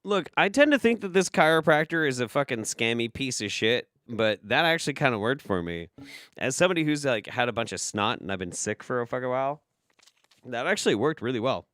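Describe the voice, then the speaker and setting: Animated, foul-mouthed man on a livestream. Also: mid-range voice, a little fast, dry recording, studio quality. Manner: profane, animated, laughing. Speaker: livestream host. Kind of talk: casual livestream chat reading superchats.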